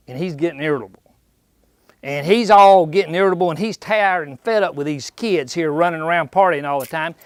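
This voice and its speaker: A man's voice: a little high, dry recording, studio quality. A man giving a folksy, jokey seminar in an indoor archery shop, quizzing the audience as he goes. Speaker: seminar speaker.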